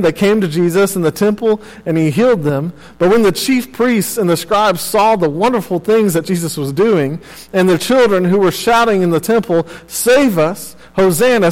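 High-voiced young male preacher, long reverb. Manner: earnest, conversational preaching with repeated phrases and asides. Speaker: pastor. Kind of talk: sermon.

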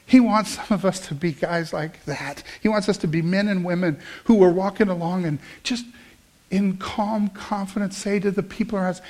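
A man preaching a sermon, telling a story and praying, dropping soft for calm quoted lines and rising when he prays. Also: high-pitched, moderate pace. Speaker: pastor. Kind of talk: sermon with closing prayer.

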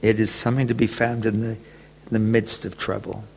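A man preaching a sermon, telling a gentle personal story and often chuckling. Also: fairly low pitch, little pitch movement, normal speed, gravelly, slight background noise. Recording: long echoey reverb.

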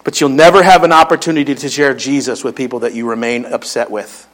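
A man's voice: medium pitch, fairly even intonation, fast talker, fairly bright tone, rough recording. A man preaching a sermon, telling stories in a joking, conversational way. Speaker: pastor.

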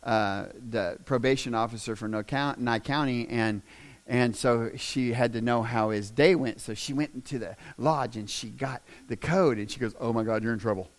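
Gravelly-voiced man preaching with humor. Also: medium pitch, moderate pace. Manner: humorous, conversational storytelling that builds into loud emphatic outbursts. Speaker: pastor. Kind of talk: storytelling sermon.

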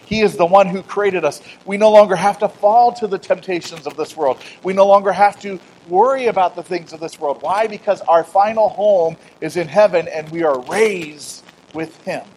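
A middle-aged man preaching a conversational sermon, swinging from loud emphatic declarations to quiet storytelling with self-deprecating humor and acted-out dialogue. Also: sits high, normal speed, hardly any pauses, slight background noise, low-quality recording. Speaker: pastor.

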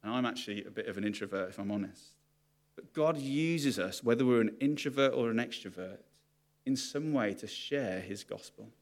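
A man's voice: mid-range voice, normal speed. A man preaching a sermon to his congregation, candid and confessional about his own struggles. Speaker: pastor.

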